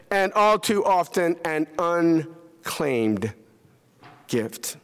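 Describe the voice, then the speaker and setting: A man preaching a sermon, emphatic, with dramatic pauses and falls in pitch. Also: a bit bright, smooth, long reverb tail.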